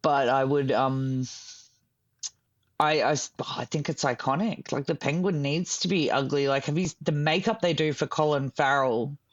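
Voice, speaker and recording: Chatty man, higher voice, dull lo-fi mic. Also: normal speed, dry recording. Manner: chatty, rambling storyteller with many restarts. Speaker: podcast guest. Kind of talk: casual podcast chat.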